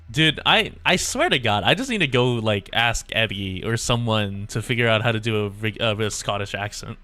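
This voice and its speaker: A man's voice: lowish voice, animated, normal speed, sharp tone, no echo, soft background music. A man streaming a game, reading its dialogue aloud in voices and laughing at his own attempts. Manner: voices characters, breaks off laughing at himself.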